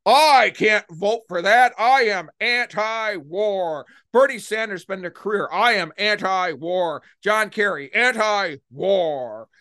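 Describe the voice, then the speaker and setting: A man's voice: high-pitched, bright, forceful tone. A man delivering a combative, sarcastic political monologue as a commentator, stretching out words for emphasis. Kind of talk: opinionated monologue.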